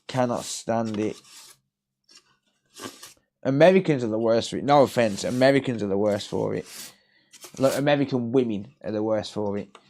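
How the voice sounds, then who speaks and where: A man's voice: lowish voice, moderate pace, long pauses, darkish tone. A man chatting casually on a live repair stream, blunt and sweary, joking and ranting as he works. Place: repair workbench.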